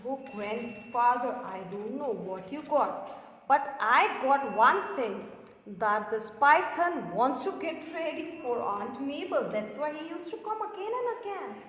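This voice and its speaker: A woman's voice: high-pitched, unhurried, slight background noise. A woman teacher telling a playful puppet story to students. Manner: animated, playful, giggly. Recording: echoey hall with long reverb.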